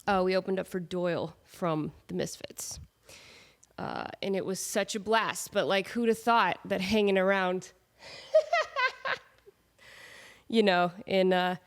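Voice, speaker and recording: A woman with a cold and a stuffed-up voice, hosting her podcast in a jokey, sarcastic, rambling monologue. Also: fairly low pitch. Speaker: podcast host. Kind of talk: casual comedic monologue. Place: home setup with camera on tripod.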